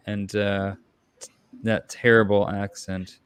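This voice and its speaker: A man's voice: on the low side, little pitch movement, unhurried, smooth, dry recording. A man hosting a casual movie chat, rambling with lots of fillers and restarts. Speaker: podcast host.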